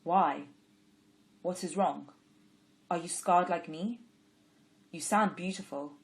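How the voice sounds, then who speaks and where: A woman reads the part of a blind young Levite man in a storybook tale, earnest and eager. His voice is soft-toned yet pressing, full of hopeful questions. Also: lowish voice, slow pace.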